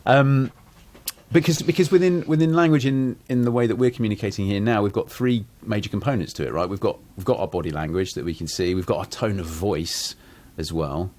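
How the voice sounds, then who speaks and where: Deep-voiced man chatting animatedly. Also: fairly quick. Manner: animated, acts out example sentences with shifting emphasis. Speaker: podcast co-host. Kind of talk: casual chat.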